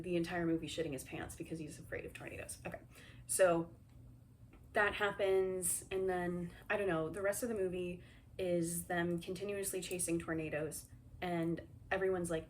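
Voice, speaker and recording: A woman's voice: lowish voice, steady tone, normal speed, slight background noise. A young woman giving a casual, chatty movie recap, sarcastic and full of fillers. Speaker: movie reviewer.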